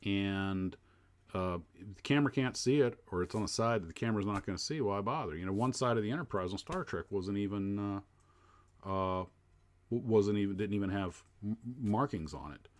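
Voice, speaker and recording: A man's voice: fairly low pitch, animated, fairly quick. A man hosting a casual livestream chat, talking in a rambling way with lots of fillers and restarts. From United States. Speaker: livestream host.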